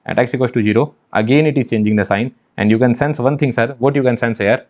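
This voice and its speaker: A man's voice: mid-range voice, fast talker, darkish tone. A man teaching engineering maths in an online exam-prep lecture, emphatic, repeating phrases and asking rhetorical questions. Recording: dull lo-fi sound.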